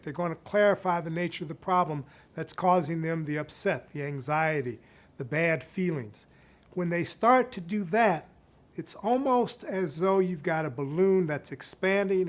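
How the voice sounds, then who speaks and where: A middle-aged man, a psychiatry professor, giving an instructional talk in a measured, explanatory way and slowing down to stress key points. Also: a little high.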